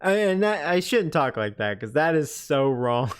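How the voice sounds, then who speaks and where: A man's voice: a little high, big pitch swings, normal speed, smooth. A man chatting casually on a livestream, often breaking into laughter as he talks. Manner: giggly, laughs through his words. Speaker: live streamer.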